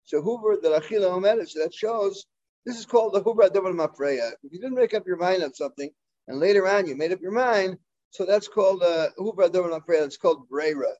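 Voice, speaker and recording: High-voiced man teaching a Talmud class. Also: a little mellow, dull audio. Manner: halting, full of fillers and restarts, mixing Hebrew and Aramaic terms.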